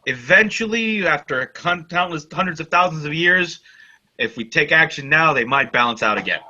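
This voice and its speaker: A man co-hosting a casual geek news chat, blunt and profane as he argues his points. His voice is bright and lively, rising and falling a lot. The recording is dull and lo-fi. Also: a little high, moderate pace. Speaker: co-host.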